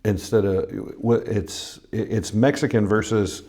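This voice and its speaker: A man hosting a pastors' podcast, asking his guest questions in a relaxed, joking way. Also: on the low side, takes it slowly. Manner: asks questions, jokes easily. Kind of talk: interview-style podcast conversation.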